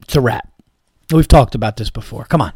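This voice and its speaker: A man's voice: medium pitch, fairly quick, darkish tone, slightly rough, dry recording, studio quality. A man hosting a podcast in a casual comedic monologue, rambling and profane with lots of restarts. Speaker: podcast host.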